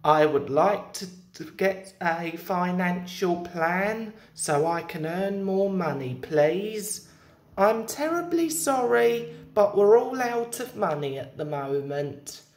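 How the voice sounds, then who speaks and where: An exasperated customer, voiced by a man who complains slowly, with a lively, wide-ranging pitch. An echoey room rings around him. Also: exaggerated voice.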